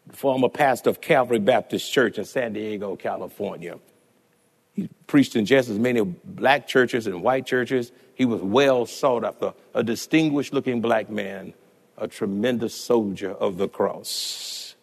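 A middle-aged male pastor preaching a sermon in a rhythmic cadence that builds into shouted climaxes. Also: lowish voice, measured pace, vocal fry, slightly rough, big-room sound.

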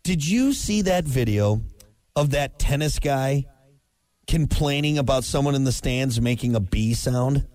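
A man co-hosting a morning radio sports segment, telling stories in a rambling, animated way. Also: mid-range voice, unhurried, no room sound. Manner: rambling, animated storytelling with impressions. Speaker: morning show sports co-host. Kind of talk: casual radio banter.

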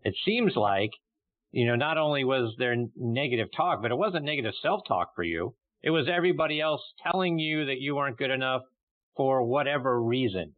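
A man's voice: mid-range voice, lively intonation, brisk, no room sound. Man asking rambling questions over a phone line. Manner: rambling questions full of "you know". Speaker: podcast host. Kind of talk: interview questions. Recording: tinny phone-like line, dry.

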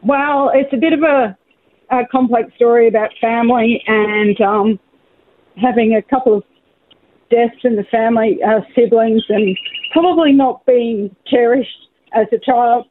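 A middle-aged woman calling in to a radio show, sharing a personal story in an emotional, halting, heartfelt way. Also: on the high side. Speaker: caller. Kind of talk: phone-in testimony. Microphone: phone. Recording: tinny phone line with faint noise.

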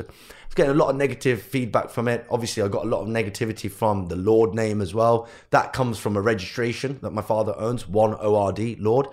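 A man's voice: medium pitch, brisk. A young man, a guest entrepreneur, telling his life story in a podcast interview and acting out what his parents and teachers said. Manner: animated storyteller who acts out quotes of family.

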